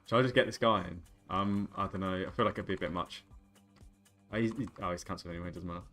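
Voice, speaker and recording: A man in his twenties with a fairly low voice talks casually to his live-stream chat. He rambles and jokes between gameplay remarks, with faint music playing behind him. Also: steady tone, fast talker, fairly bright tone. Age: 20s. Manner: joking, rambling banter with chat. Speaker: game streamer.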